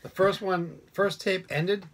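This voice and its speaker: A woman co-hosting a podcast who chimes in with quick jokes and quips in casual chat. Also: mid-range voice, steady tone. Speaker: podcast co-host.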